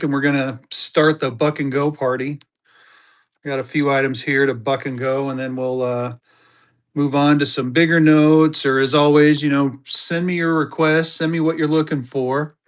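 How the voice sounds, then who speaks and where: High-voiced man hosting a live auction. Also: flat delivery, moderate pace. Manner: hypes bidders, greets viewers by name. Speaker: live-stream auction host. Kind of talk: live-stream selling chat.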